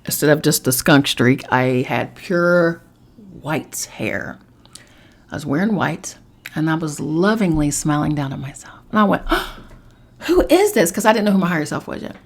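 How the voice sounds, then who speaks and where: A woman hosting a podcast, telling a personal story in a casual, animated way and swearing freely. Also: low-pitched, normal speed. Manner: animated, swearing, acts out voices of others. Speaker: podcast host.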